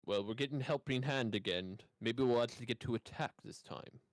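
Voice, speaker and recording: A man's voice: medium pitch, a little fast, dry recording, clean studio sound. A man streaming a game with friends, making playful jokes in casual gameplay chat. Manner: joking, playful banter.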